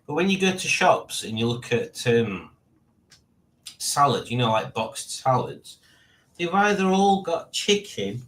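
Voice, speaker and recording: Rambling self-mocking man with animated pitch. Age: 40s. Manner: rambling, self-mocking, reads chat aloud. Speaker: live stream host. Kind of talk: casual live stream chat.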